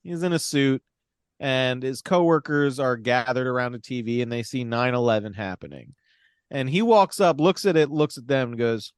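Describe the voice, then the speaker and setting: A podcast co-host walks through a film's plot with wry, profane storytelling and plenty of filler words in a casual chat. His medium-pitched voice is expressive at a moderate pace, and the studio-quality recording has no room sound.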